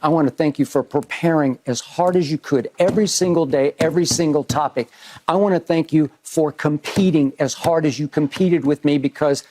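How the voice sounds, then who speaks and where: Earnest male TV host's measured tribute. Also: on the high side, mellow. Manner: earnest and measured, with emphatic repetition. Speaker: sports debate TV host. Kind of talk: prepared on-air tribute.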